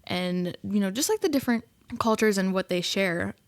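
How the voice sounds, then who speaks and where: A woman chats through a casual solo podcast, giggling often and leaning on fillers. Her voice sits at a middle pitch. It is recorded close and dry, with no room sound. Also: normal speed, dry recording. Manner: chatty, giggly, full of fillers. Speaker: podcast host.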